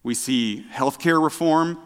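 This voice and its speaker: A man preaching a casual sermon, chatty and self-deprecating, with halting restarts and dad jokes. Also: fairly high pitch, fairly bright tone, clean tone. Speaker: director of outreach, preaching. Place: church sanctuary. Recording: echoey church hall.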